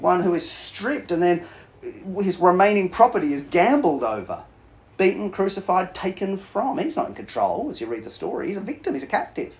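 A man preaching a sermon, chatty and joking with the congregation, asking questions and reading scripture aloud. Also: high voice. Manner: conversational, animated, jokes with congregation. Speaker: pastor.

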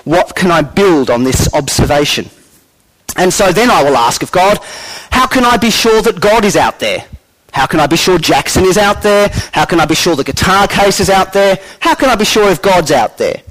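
A man giving a sermon in a conversational, animated way, acting out quoted voices along the way. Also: sits high, normal speed, poor audio. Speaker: preacher.

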